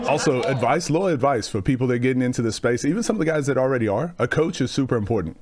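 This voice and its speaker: A man giving casual commentary over basketball footage, cracking jokes and laughing at himself as he wanders through stories. His voice sits at an ordinary middle pitch for a man. He talks loosely, like a host chatting with regular viewers. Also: animated, rapid-fire, crowd noise. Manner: joking storyteller, laughs often; rambling, self-mocking.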